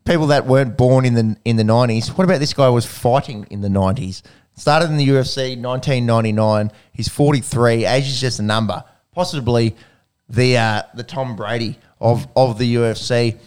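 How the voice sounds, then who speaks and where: A man's voice: mid-range voice, fairly quick, a little mellow, smooth. A man hosting a casual sports podcast, jokey and swearing casually. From Australia. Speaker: podcast host.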